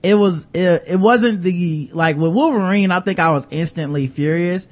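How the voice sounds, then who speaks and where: A man's voice: sits high, moderate pace. A man hosting a casual movie review chat, laughing often and acting out voices of the people he mocks. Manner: laughing, animated, acts out quoted voices.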